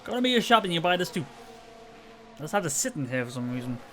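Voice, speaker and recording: A Northern Irish man talks casually on a live stream in the small hours, tired and rambling, laughing at himself. His voice sits a little high for a man, with a faint hiss of noise behind it. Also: very animated, quick pace. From Northern Ireland. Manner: rambling, self-mocking, chuckling.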